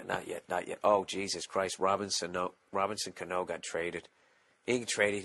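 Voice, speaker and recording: On his own podcast, a host delivers a casual solo monologue that turns into a sarcastic, profanity-laced rant. His voice is on the low side with a fairly bright tone.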